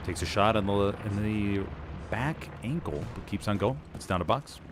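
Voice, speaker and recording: A man's voice: lowish voice, lively intonation, moderate pace, noisy background. A man casting a competitive war game live, chatty and self-deprecating as he talks to his stream chat. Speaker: esports caster. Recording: gunfire and game sounds behind voice. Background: war game battle sounds, artillery and gunfire.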